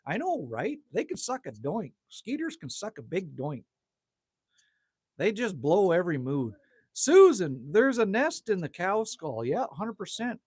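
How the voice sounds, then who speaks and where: Chill dude chatting to his stream outside at the cabin, husky voice, bouncy up-and-down delivery. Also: high-pitched, wildly swooping pitch, unhurried, darkish tone, no echo, studio quality. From Manitoba, Canada. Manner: laid-back and chatty, teases himself, swears lightly, says "man" often. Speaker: livestream host. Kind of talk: casual livestream chat reading viewer comments. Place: outdoors at a cabin in the evening.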